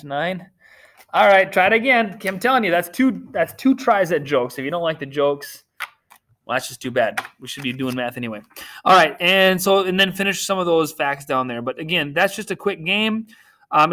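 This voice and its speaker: A man's voice: on the high side, sharp tone. A man teaching a recorded remote math lesson to children, upbeat, cracking corny jokes and teasing himself, talking through a screen share.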